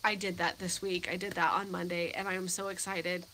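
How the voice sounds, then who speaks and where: Her voice is lowish, sharp and fairly quick with little pitch movement, and a slight hiss or hum sits in the background. She's a US woman in her thirties hosting a live Q&A on her vlog, emotional and teary, rambling with many fillers and restarts in casual chat.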